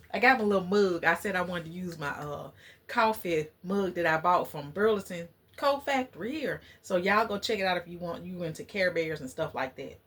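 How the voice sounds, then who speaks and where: A woman's voice: on the low side, expressive, moderate pace, a bit bright. A woman vlogger in casual, preachy chat with her viewers. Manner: chatty, preachy, talks to viewers as y'all. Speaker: channel host.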